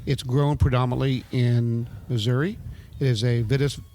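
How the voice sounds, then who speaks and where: Measured man explaining wine grapes. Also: medium pitch, flat delivery, mellow, a little hiss or hum. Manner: knowledgeable, measured, enthusiastic about grapes. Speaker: podcast co-host, wine expert. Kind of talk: casual chat. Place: at a winery.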